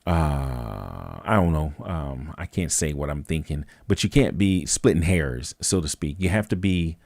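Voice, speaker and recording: A man's voice: extremely low pitch, animated, a little slow, creaky, a little mellow, no room sound, clean studio sound. A man hosting a live talk stream, speaking casually and thoughtfully, with frequent fillers and restarts. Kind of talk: casual reflective monologue.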